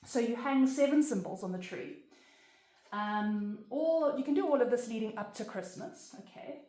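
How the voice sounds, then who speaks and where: A woman's voice: on the high side, expressive, moderate pace, dark tone. A woman explaining a home ritual in a casual, earnest way, often checking in with "right?". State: emotional, near tears. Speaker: spiritual teacher. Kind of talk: casual instructional talk. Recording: echoey room.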